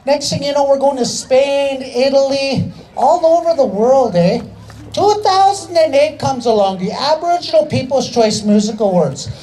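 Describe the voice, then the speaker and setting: High-voiced man doing stand-up, "eh". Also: expressive, normal speed, a little mellow, rough recording. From Canada. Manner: chatty, tags lines with "eh", hypes the crowd. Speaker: stand-up comedian and rapper. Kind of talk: stand-up storytelling.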